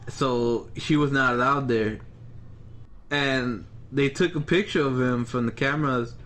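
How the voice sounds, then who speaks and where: A man's voice: mid-range voice, unhurried, slight background noise. Young man telling a workplace story. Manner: animated, acts out quotes with raised voice. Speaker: podcast co-host. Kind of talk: casual storytelling chat.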